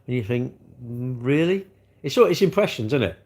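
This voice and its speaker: Man, middle-aged, casual livestream chat, rambling, mid-pitched voice. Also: big pitch swings, fast, a little mellow, slightly rough. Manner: rambling, chatty, reads out viewer comments. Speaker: livestream host.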